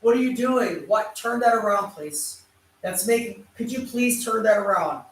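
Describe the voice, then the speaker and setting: A man's voice: sits high, lively intonation, normal speed, a bit bright, slight background noise. A man recording his own vlog who repeats himself, pleads again and again, and talks in grand terms. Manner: repeats words, pleads over and over, grand wording. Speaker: YouTube vlogger. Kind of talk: self-narrated vlog, arguing off camera. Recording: roomy sound, mic far from the speaker.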